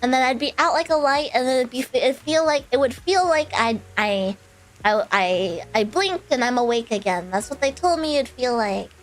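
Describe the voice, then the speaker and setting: A woman's voice: sits high, animated, normal speed, soft background music, rough recording. A woman streamer telling a personal story in a casual, rambling way, full of fillers and small laughs. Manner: rambling, filler-heavy, with laughs between phrases.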